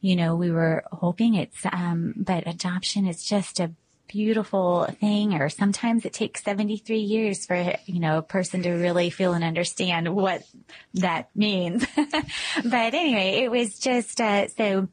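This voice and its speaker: A woman's voice: mid-range voice, steady tone, unhurried. A woman hosting a faith radio show in a studio, chatting in a rambling way and laughing often. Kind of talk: casual faith radio chat.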